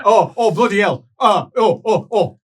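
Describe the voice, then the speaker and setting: A man's voice: sits high, expressive, measured pace, background noise. A man telling his character's story in an improvised tabletop game, rambling with many fillers and restarts.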